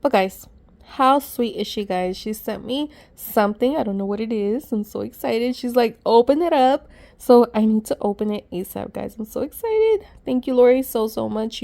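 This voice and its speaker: A woman vlogger chatting excitedly as she unboxes gift mail, calling out to her viewers often. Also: a little high, normal speed, vocal fry. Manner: excitable, says "guys" constantly. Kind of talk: casual unboxing chat.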